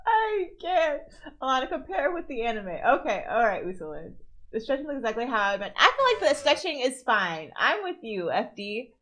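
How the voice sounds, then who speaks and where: Chatty woman with a bright voice. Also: high voice, moderate pace, poor audio. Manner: chatty, reads viewer comments aloud, animated. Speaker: reaction streamer. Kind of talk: casual reaction commentary.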